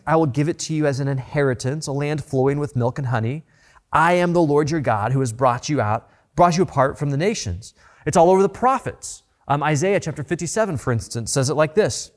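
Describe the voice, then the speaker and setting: A man's voice: a little high, fairly quick, darkish tone. A man preaching a sermon in an earnest way, often repeating words as he builds a point. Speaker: pastor.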